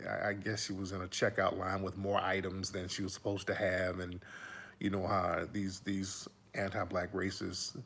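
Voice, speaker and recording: A man hosting a casual commentary monologue, talking animated and preachy into a phone held close to his face. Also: deep voice, gravelly, slight background noise. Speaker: host.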